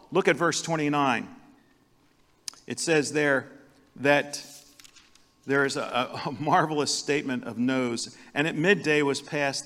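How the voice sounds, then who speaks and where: A man preaching a sermon in an animated way, acting out the prophet's words with sudden loud jumps in his voice. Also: on the high side, big-room sound.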